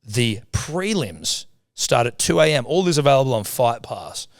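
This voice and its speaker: A man's voice: mid-range voice, sing-song, normal speed, no room sound, studio quality. A man with an Australian accent co-hosting a podcast, crude and playful as he riffs with his partner. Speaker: podcast co-host. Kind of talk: casual banter.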